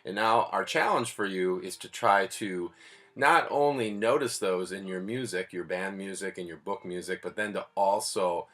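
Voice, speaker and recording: Low-voiced man teaching band class. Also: normal speed, fairly bright tone. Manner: patient, explanatory, plainspoken. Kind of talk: music lesson.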